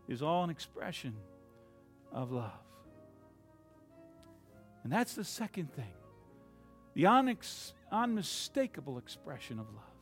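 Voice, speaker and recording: A man preaching a sermon, swinging from loud, dramatic lines to hushed ones and acting out the quotes he reads. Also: sits high, sing-song, moderate pace, long pauses, faint music behind.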